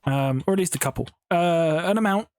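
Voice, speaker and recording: A man's voice: a little high, fairly quick, darkish tone. A man casually chatting and rambling through stories while building in a video game at home. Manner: chatty, rambling, giggly storytelling. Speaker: Minecraft building YouTuber. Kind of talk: casual gameplay commentary.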